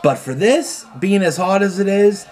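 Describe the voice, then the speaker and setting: A man's voice: high voice, expressive, moderate pace, a little mellow. A man in a casual home video, talking plainly and laid-back as he tastes spicy food, his mouth burning, with the odd swear. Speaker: vlogger tasting food on camera. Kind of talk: casual food challenge chat.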